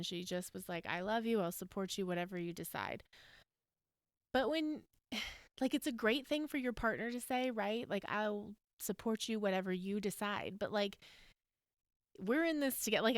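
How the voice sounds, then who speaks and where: Woman in her 30s from the us rambling candidly about her life, smooth voice, dry close sound. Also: medium pitch, no echo. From United States. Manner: candid, rambling, emotional, with frequent fillers and laughs. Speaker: podcast host. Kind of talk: personal storytelling monologue.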